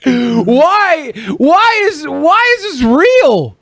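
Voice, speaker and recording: Man, podcast co-host, high voice, animated, crude, excitable, dry sound. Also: very slow, no echo. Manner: excitable, crude, laughs a lot. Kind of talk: casual banter.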